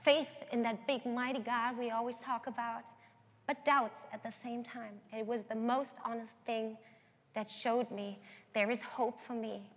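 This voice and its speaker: A woman's voice: fairly high pitch, steady tone, unhurried. A young woman, a guest singer, telling her life story earnestly in an interview. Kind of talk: interview testimony. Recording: long hall reverb.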